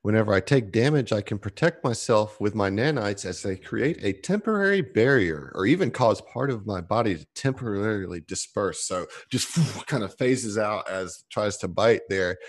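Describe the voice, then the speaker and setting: A man's voice: on the low side, expressive, normal speed, few pauses. A man playing a tabletop game, explaining his abilities in detail and reacting with amused remarks. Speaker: player.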